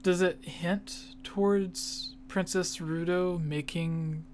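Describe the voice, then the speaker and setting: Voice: medium pitch, takes it slowly, slight background noise. Podcast host reading listener questions. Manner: relaxed, reads listener questions aloud. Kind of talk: casual podcast chat.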